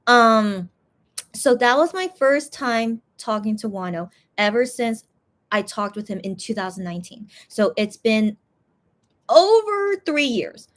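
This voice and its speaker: A woman hosts a casual livestream, reading fan comments aloud and rambling between them. Her voice sits in a middle pitch and sounds tired, with loose, chatty restarts. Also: unhurried, fairly bright tone. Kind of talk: casual chat.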